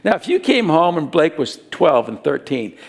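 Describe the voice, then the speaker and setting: Gravelly, high-voiced male preacher. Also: normal speed. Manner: animated preaching with acted-out scenes. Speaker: pastor. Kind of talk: sermon.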